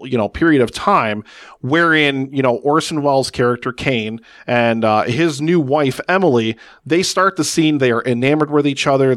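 A man's voice: mid-range voice, fairly bright tone, dry recording. A man chats as a podcast guest in a mid-range voice, explaining at length and leaning on "like" and "you know". His voice sounds dry and close, with no room around it. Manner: chatty and explanatory, heavy with fillers like "like" and "you know". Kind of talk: casual podcast chat.

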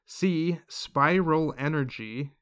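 A man running a casual quiz among friends on a podcast, playful and quick to laugh. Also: a little high, a bit bright, clean tone. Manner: playful, laughs between questions. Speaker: quiz host.

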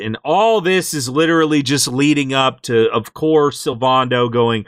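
A young man on a podcast, telling a game story in an animated way and jumping into character voices, in a dry close recording. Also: medium pitch, normal speed, hardly any pauses, clean tone, no room sound. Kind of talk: casual game recap chat.

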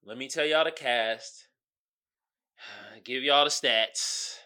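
A man hosting a casual solo podcast in African American Vernacular English, slangy and profane, swinging between muttered asides and loud outbursts. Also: mid-range voice, takes it slowly. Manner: slangy and profane, keeps asking "you feel me?". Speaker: podcast host.

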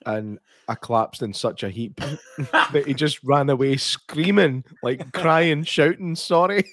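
A man's voice: mid-range voice, unhurried, a bit bright. A man with a son, chatting casually while watching a film, laughing at his own stories and swearing freely. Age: adult with a child. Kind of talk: casual reaction chat.

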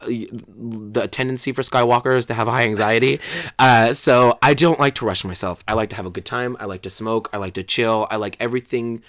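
A man's voice: mid-range voice, fairly quick, a bit bright, dry recording, clean studio sound. A young man, a drag performer, telling stories in a casual interview with lots of fillers and acted-out quotes. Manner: chatty storytelling, acts out quotes, many fillers.

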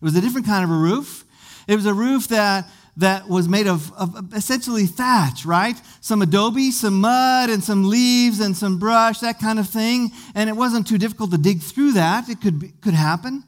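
Speaking at a moderate pace in a voice that sits high, a man preaches by vividly recounting a scripture story. He keeps asking his audience questions and frequently repeats little words as he talks.

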